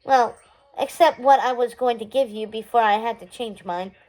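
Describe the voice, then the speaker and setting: A woman's voice: on the high side, moderate pace, a little mellow, lightly acted, rough recording. A woman voicing a sad, polite young princess in a storybook read-aloud. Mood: wistful.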